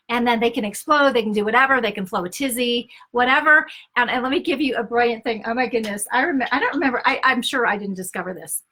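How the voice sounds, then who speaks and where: A woman's voice: a little high, a little fast, sharp tone. A woman giving a conversational teaching talk on relationships, emphatic and direct, often checking in with "okay?" and acting out quoted lines. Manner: acts out quoted dialogue with shifts in tone. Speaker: Christian speaker and author.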